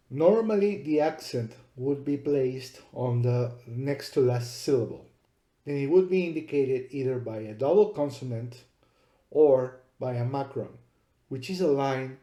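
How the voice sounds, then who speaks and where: Mellow-voiced man lecturing in an echoey room. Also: medium pitch. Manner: methodical, spells out letters one by one. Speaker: teacher. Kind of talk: explanatory lecture.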